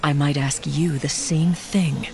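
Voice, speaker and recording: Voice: mid-range voice, fairly even intonation. A narrator voicing a cold, composed female mercenary spy in an audiobook, speaking coolly. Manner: cool and unhurried. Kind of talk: audiobook character voice.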